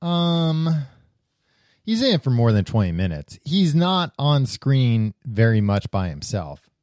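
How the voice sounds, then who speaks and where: A man co-hosting a casual movie podcast, animated and laughing often, with plenty of fillers. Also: medium pitch, a little slow, dry recording, clean studio sound. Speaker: podcast co-host. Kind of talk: casual chat about movies.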